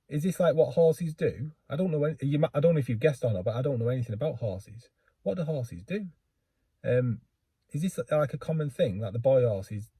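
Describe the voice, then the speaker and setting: A book vlogger tells his audience a rambling, self-deprecating story in casual fashion, stopping and restarting as he goes. His mid-range voice is mellow and a little husky, and the sound is dry and close with no room echo.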